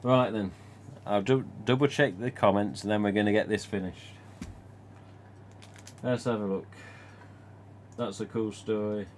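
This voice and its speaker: A man's voice: fairly low pitch, fairly even intonation, measured pace, pauses often, a little hiss or hum. A man hosting a casual live stream, telling rambling stories and swearing mildly as he answers comments. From England. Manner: rambling and anecdotal, with mild swearing.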